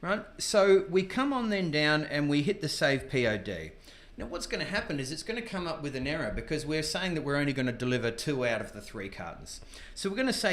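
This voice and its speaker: A man casually presenting a software tutorial, chatty and informal with frequent asides. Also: a little high, sing-song, brisk, hardly any pauses. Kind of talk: casual screen-demo tutorial. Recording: echoey room.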